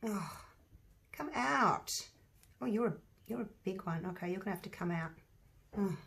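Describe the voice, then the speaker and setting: Chatty woman with a croaky voice. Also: medium pitch, animated, moderate pace, a bit bright. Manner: chatty, thinking aloud, talks to viewers. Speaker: resin craft vlogger. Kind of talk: casual chat while crafting.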